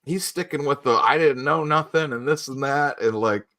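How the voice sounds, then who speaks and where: A man's voice: fairly high pitch, normal speed, pushed and bright. A man hosting a casual chat who rambles, laughs often and acts out what other people said. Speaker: podcast host.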